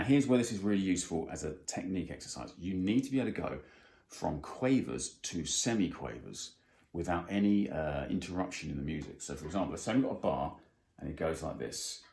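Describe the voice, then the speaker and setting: A man teaching a guitar music theory lesson, explaining plainly and counting beats out loud. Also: low voice, animated, fairly quick, creaky. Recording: roomy sound with faint guitar.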